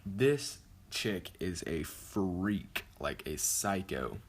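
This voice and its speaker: A man's voice: low-pitched, sing-song, drawn-out words. A young man telling a story casually on his vlog, rambling and correcting himself, with lots of "like" and "you know". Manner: rambling, self-correcting, heavy use of "like". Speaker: vlogger.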